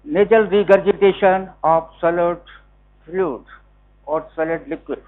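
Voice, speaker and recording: A man with an Indian English accent giving a classroom anatomy lecture, slowly repeating key terms. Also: sits high, steady tone. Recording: tinny lo-fi classroom recording.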